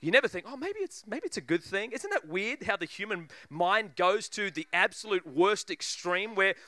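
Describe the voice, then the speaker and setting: A preacher telling a funny story in a sermon, acting out voices and laughing often. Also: male voice, high voice, expressive, moderate pace, pushed and bright, no room sound.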